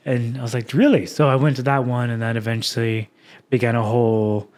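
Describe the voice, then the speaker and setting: A man's voice: mid-range voice, darkish tone. A young man hosting a podcast, talking candidly and at length about his own life, rambling with many fillers and restarts. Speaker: podcast host. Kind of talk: reflective personal podcast monologue.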